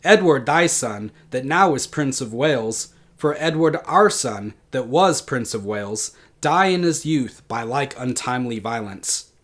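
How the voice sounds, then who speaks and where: A bitter, deposed old queen lays curse after curse on her enemies, voiced by a man reading her verse aloud. The delivery is slow and deliberate, set in a mid-range voice. It comes as a dramatic reading within a lecture. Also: mid-range voice, lively intonation, fairly bright tone. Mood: cursing.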